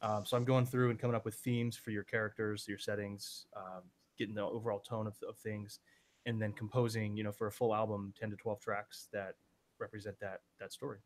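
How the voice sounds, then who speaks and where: A man's voice: lowish voice, little pitch movement, brisk. Casual, upbeat male guest. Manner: enthusiastic, casual, says "man". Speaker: author and composer guest. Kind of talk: casual interview chat.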